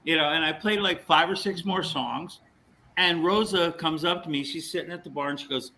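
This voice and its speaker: A man's voice: a little high, moderate pace, slight background noise, low-quality recording. A man telling a story in casual chat, acting out what people said to him. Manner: animated storyteller, acts out quotes.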